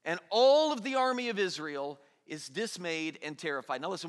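Man, preacher, high voice, animated sermon, long hall echo. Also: brisk, few pauses. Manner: animated, acts out quotes in everyday voices. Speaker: pastor.

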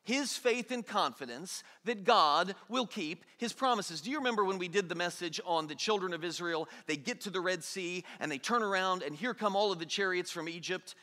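Male pastor, bright and forceful, lively sermon delivery that acts out the characters. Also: sits high, moderate pace, hardly any pauses. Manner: animated, acts out quotes in everyday voices. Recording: long hall reverb.

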